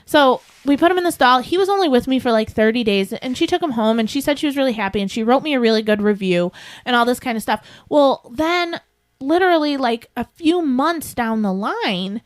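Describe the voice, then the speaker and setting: A woman co-hosting a podcast, animated and laughing often as she tells a story, speaking close to the mic. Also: high voice, brisk, no room sound. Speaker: podcast co-host and horse trainer. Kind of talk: casual storytelling chat.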